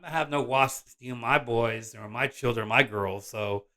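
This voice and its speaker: A man, a father and vlog host, telling a personal story in an animated, rambling way, often restarting and correcting himself. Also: mid-range voice, normal speed. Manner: excitable, rambling, frequent restarts and self-corrections.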